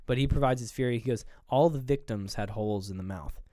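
A man's voice: mid-range voice, fast talker, dark tone, no echo. Guy rambling through a movie plot on a podcast, laughs a lot, dry mic. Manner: rambling retelling of scenes, laughs often. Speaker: podcast co-host. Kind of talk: casual movie review chat.

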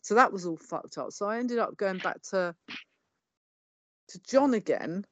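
A middle-aged woman from England, speaking with an English accent, narrates her life story on a podcast in a mid-range, lively, unhurried voice. The recording is dry and lo-fi. She swears freely and tells it bluntly, acting out what people said.

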